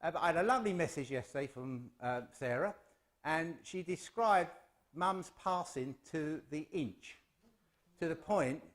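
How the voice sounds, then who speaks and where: A man's voice: a little high, lively intonation, a little slow, fairly bright tone. An English man giving a chatty, self-deprecating, humorous address at a spiritualist service. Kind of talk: informal humorous address to a congregation.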